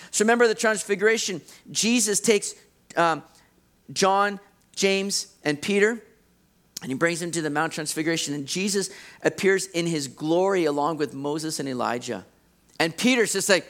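A man with a high voice preaches a sermon. He talks in an animated way and acts out the people he quotes. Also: moderate pace. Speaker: pastor.

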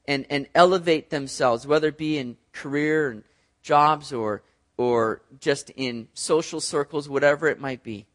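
A man's voice: a little high, fairly bright tone. A man preaching a sermon in a conversational way, talking directly to his listeners and acting out voices in a story. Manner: acts out voices in an illustrative story. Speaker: pastor.

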